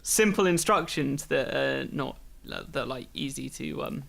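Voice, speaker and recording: A man hosting a podcast in casual chat, rambling and playful as he thinks out loud. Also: medium pitch, expressive, unhurried, gravelly. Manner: rambling, playful, muses aloud.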